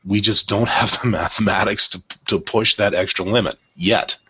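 A man's voice: on the low side, steady tone, normal speed, bright, forceful tone, husky. A man in a casual discussion, talking in a rambling, irreverent and jokey way. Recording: dull lo-fi sound.

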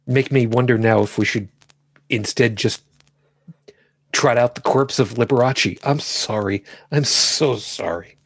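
Casting: male co-host, husky voice, dry close mic, loose rambling chat. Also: mid-range voice, a little slow, dry recording. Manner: rambling, self-correcting, jokey. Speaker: podcast co-host. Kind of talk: casual chat.

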